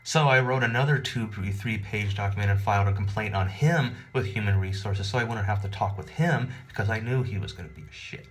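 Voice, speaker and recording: A man telling a personal story in a rambling, animated, profane, casual way. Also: lowish voice, a little fast, few pauses, a little hiss or hum.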